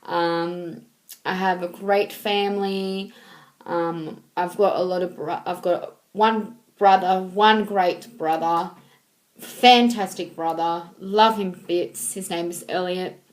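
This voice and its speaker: A woman in her thirties talking to her viewers in a casual, heartfelt way, halting and sentimental, with frequent ums and restarts. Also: on the low side, fairly even intonation. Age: 30s. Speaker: vlogger. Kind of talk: casual heartfelt talk to camera.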